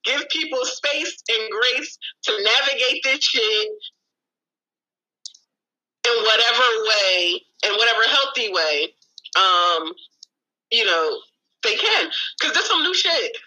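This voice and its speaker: A woman co-hosting a podcast in casual chat, backing her partner up with quick agreement. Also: fairly high pitch, animated, pushed and bright, slightly rough, rough recording. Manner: supportive, agreeing interjections. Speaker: podcast co-host.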